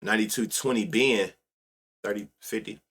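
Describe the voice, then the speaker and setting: A man's voice: fairly low pitch, normal speed, gravelly, fairly bright tone, slightly rough. A man hosting a live sports betting stream, reading stats and riffing loosely with plenty of profanity. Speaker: sports betting show host.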